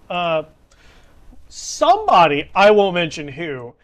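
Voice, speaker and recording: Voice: medium pitch, very animated, slow. A laid-back, teasing game master narrating a tabletop game, laughing often.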